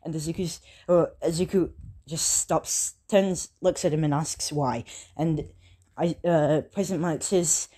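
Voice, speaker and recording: A woman with a low, dark voice casually retelling a fan story. She stops and restarts often, filling gaps with ums and likes. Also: husky. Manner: halting, full of fillers and self-corrections.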